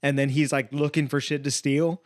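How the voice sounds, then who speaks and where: A young man with a Texan accent, co-hosting a comedy podcast and telling stories in an animated, profane way. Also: mid-range voice, moderate pace, no room sound, clean studio sound. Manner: animated, swears freely, acts out quotes. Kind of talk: casual comedic storytelling.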